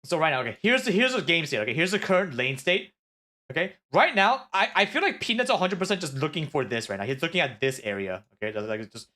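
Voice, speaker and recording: Excitable male streamer, high voice, rambling casual match breakdown. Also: fast talker. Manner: excitable, rambling with many filler words. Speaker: streamer reviewing esports matches. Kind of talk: casual game analysis.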